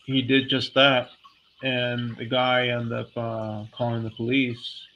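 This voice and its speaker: A man's voice: medium pitch, vocal fry, pushed and bright, slight background noise. A man delivering a heated, blunt, profane monologue as a vlogger, talking casually and speaking his mind. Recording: dull lo-fi recording.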